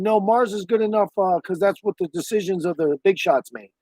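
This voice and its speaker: A man's voice: sits high, steady tone, a little fast, a little mellow, dry recording. A man livestreaming from home, talking in a loose, meandering way with a lot of swearing. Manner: loose, profane, meandering talk. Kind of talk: casual rambling livestream chat.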